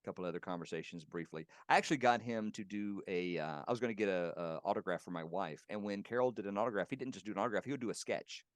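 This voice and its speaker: Low, smooth-voiced man telling stories. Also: fast, few pauses, no room sound. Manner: warm, reminiscing, laughs while telling anecdotes. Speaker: guest puppeteer. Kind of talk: casual interview storytelling. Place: home.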